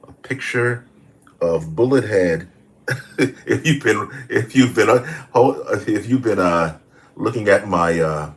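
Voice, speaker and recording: Rambling older man live streaming from home. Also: low voice. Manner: rambling, animated, chatty with self-corrections. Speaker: caricature artist hosting a livestream. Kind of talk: casual live stream chat.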